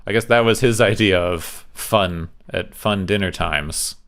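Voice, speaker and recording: A man co-hosts a casual podcast, sharing bits of trivia in an easygoing way. His voice sits on the low side. It sounds smooth and clear. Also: unhurried. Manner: relaxed, recounts trivia with fillers. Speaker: podcast co-host.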